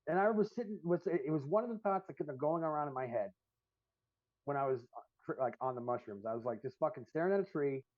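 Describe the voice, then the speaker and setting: A man co-hosts a live podcast, telling a long story in a loose, profane ramble. His voice sits a bit high. The sound is dry and a little dull, like lo-fi stream audio. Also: fast talker, no room sound. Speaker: podcast co-host. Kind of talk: casual chat.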